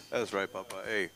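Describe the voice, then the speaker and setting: A middle-aged man doing a stand-up set at a comedy open mic, telling stories and jumping into high voices for other people. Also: very noisy. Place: comedy club stage.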